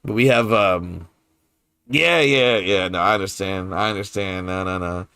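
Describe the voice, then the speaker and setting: A man's voice: low voice, normal speed, bright, forceful tone, clear, resonant tone, no room sound, clean studio sound. A man with a New Orleans accent chatting casually while streaming a game, laughing often and swearing loosely. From New Orleans, Louisiana. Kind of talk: casual chat over gameplay.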